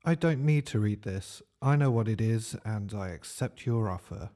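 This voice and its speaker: A man voicing Johnny, a brash, clueless young male teacher who talks loudly and smugly. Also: lowish voice, lively intonation, normal speed, close to an everyday voice. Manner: loud, smug and blurting.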